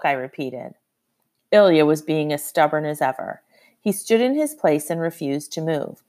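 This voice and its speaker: A woman narrating a historical story in the first person, expressive and measured. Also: deep voice. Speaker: audiobook narrator.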